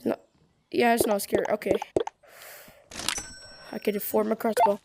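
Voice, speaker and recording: A woman giving casual gameplay commentary with excitable, bossy trash talk. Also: medium pitch, a little slow, gravelly, over loud music. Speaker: gamer.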